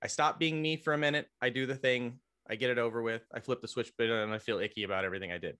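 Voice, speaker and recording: This podcast guest, a military veteran, has a smooth, mid-range voice with a steady yet sharp tone, and he talks fast. His long, casual story wanders, full of restarts, self-corrections and self-deprecating jokes.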